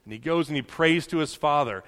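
A man preaching a sermon as pastor, telling stories with animated, acted-out quotes. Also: a little high, fairly quick, long reverb tail.

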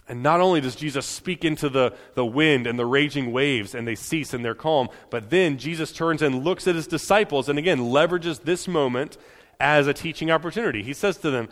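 A man preaching a sermon in a conversational way, often restarting and adding quick "right?" asides. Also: mid-range voice, long reverb tail. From United States. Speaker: pastor.

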